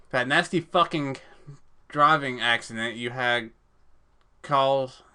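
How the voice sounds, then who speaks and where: A man with a bright, crisp voice reads a text-based game aloud for a let's play. He moves between dramatic narration and casual, foul-mouthed asides to the audience. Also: medium pitch, takes it slowly, pauses often. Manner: reads narration in a dramatic voice, swears and cracks jokes between passages.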